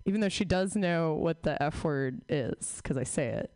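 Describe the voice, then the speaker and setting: Woman stand-up, 30s, swears freely and mocks herself, smooth clear voice, dry mic. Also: low-pitched, expressive, normal speed, darkish tone, no room sound. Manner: profane, self-deprecating, rambling. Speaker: stand-up comic. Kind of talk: stand-up set, casual riffing.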